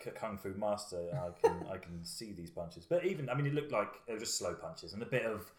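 Low-voiced man rambling about a film. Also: fairly quick, echoey room. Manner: rambling, with frequent fillers and restarts. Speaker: podcast co-host. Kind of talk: casual film review chat.

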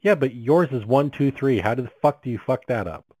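A man's voice: medium pitch, lively intonation, brisk, darkish tone, dry recording, rough recording. A man co-hosting a comedy podcast, reading odd news stories aloud with crude jokes and stumbles.

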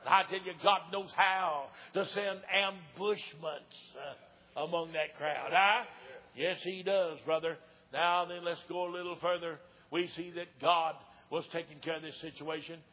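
An older man delivers an old-time revival sermon in a husky, raised voice. He tells folksy stories and breaks into fervent shouts. The recording is dull and lo-fi, with a long hall reverb behind him. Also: sits high. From Tennessee. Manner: fervent preaching, shouting and hollering, folksy storytelling. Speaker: evangelist.

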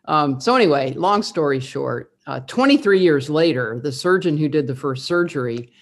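A woman's voice: sits low, expressive, moderate pace. A woman from the Midwest tells a personal story as an interview guest. She speaks earnestly, often restarting sentences and using fillers along the way. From Midwest US, Indiana.

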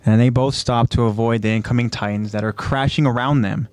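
A man retelling an episode in a casual, excited recap. He speaks at a middle pitch with loose fillers and keeps getting ahead of himself. The recording is dry and close. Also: no echo. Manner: animated, quick to jump ahead, loose fillers. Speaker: co-host recapping an anime.

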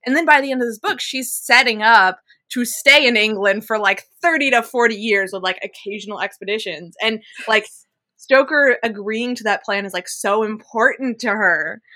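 A woman's voice: on the high side, moderate pace, sharp tone, no room sound. A young woman in casual chat about a book series, gushing and acting out quotes with lots of fillers. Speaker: book club co-host.

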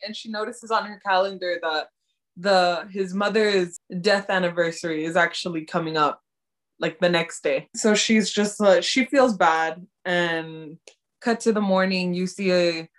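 A young woman chatting casually as a co-host, excitable and slangy, saying "like" a lot. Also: lowish voice. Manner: excitable, slangy, heavy use of "like". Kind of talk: casual chat recapping a TV drama.

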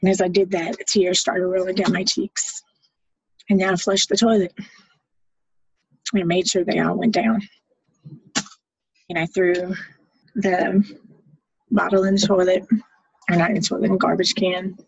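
Middle-aged woman telling her own story plainly; husky, gravelly voice, dry dull lo-fi recording. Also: on the low side, little pitch movement, normal speed, long pauses, no echo. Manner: candid, plain-spoken. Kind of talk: personal testimony.

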